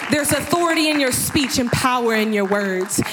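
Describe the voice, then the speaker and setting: A fifteen-year-old girl giving a sermon on a church stage, telling stories with lively acted asides and building to impassioned shouts. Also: high-pitched, normal speed, background noise. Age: 15 years old. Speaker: youth speaker. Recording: long church hall reverb.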